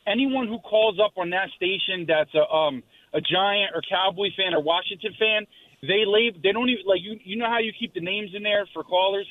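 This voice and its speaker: A man's voice: high-pitched, moderate pace, dry recording. A man calling in to a sports radio show, talking emphatically and stumbling over the starts of his sentences. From North Jersey. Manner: emphatic, repeats words when starting sentences. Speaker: caller. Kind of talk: phone-in call to sports radio. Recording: tinny phone line.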